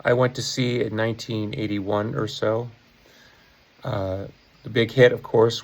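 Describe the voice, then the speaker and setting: A man's voice: lowish voice, steady tone, measured pace, gravelly, low-quality recording. A man in his fifties from the Chicago area, telling a casual anecdote in a rambling, self-correcting way with chuckles. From Chicago area, USA. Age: 50s. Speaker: rock musician. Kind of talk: casual anecdote told to camera.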